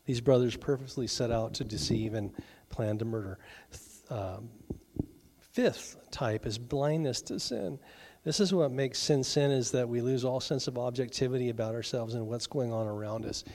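A middle-aged male pastor preaching a sermon in a conversational way, with joking asides and quick acted-out voices. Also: mid-range voice, a little mellow.

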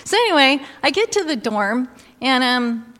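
Animated woman preaching in echoing hall. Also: high-pitched, moderate pace. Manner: animated storytelling, exclaiming and laughing. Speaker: pastor's wife or preacher. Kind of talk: sermon with personal story. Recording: long hall reverb.

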